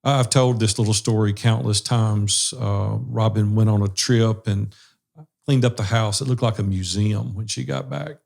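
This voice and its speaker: A man's voice: on the low side, steady tone, unhurried, creaky, darkish tone. A man hosting a casual panel discussion over a video call, speaking in an earnest, storytelling way. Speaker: podcast host.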